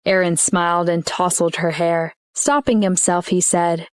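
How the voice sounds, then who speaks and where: A woman narrating an audiobook in an even, steady reading voice. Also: lowish voice, unhurried, hardly any pauses, clear, resonant tone, no echo, studio quality. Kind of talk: scripted narration.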